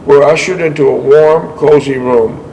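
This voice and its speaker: A man hosting a show reads a veteran's war memoir with frequent missteps and corrections, interjecting short asides. He has a fairly high yet dark-toned voice with fairly even intonation, and the audio is poor with slight background noise.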